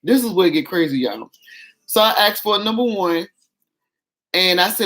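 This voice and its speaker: A woman vlogger telling a story in a casual, animated and exasperated way, talking straight to her viewers. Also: medium pitch, moderate pace, long pauses.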